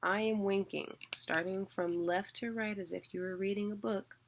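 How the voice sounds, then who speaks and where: A woman's voice: mid-range voice, steady tone, moderate pace, slight background noise. A woman teaching a casual online lesson, chatty and full of fillers as she explains things visually.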